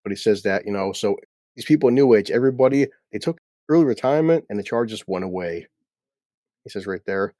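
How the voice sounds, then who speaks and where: A man with a low, mellow voice casually walks through episode scenes. He quotes lines from them in his retelling. The sound is dry and close. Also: lively intonation, brisk, no room sound. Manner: recaps scenes by quoting dialogue. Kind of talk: casual chat recapping a TV episode.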